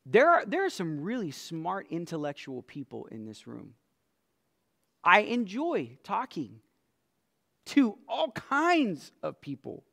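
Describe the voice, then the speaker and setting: A man preaching a sermon as pastor. His voice drops to a hush and then swells into loud, emphatic lines. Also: sits high, wildly swooping pitch, gravelly. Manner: swings from soft, hushed lines to loud emphatic declarations; slow and deliberate, stretching out scripture lines.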